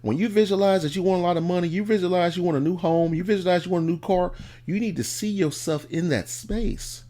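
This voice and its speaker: Guy doing a motivational vlog, kinda high voice, swings all over the place, repeats stuff like a preacher. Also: dark tone. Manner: emphatic, repetitive preacher-like cadence. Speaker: motivational video host. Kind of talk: motivational monologue to camera.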